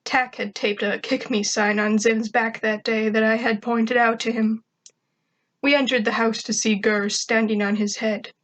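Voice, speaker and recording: A woman's voice: on the high side, flat delivery, unhurried, poor audio. A woman reading a first-person story aloud in a snarky, conversational way. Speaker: fan fiction reader.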